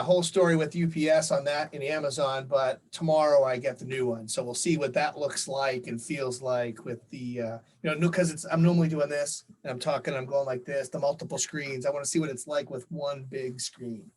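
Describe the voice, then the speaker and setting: A man's voice: medium pitch, fairly even intonation, moderate pace, hardly any pauses, darkish tone, slight background noise, low-quality recording. A man telling a rambling story with lots of fillers as a guest on a video call chat. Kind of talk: casual chat.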